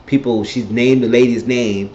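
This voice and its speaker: A man recapping a TV episode in a casual monologue, blunt and profane, telling it with animated energy. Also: mid-range voice, moderate pace. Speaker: TV episode reviewer. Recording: echoey, dull lo-fi room sound.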